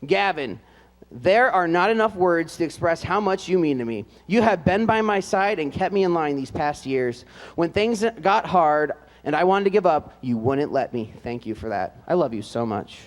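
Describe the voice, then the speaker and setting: High lively man announcing in a hall. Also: moderate pace. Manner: reads out notes with fillers and light joking asides. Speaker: event announcer. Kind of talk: live announcing of band seniors. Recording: long hall reverb.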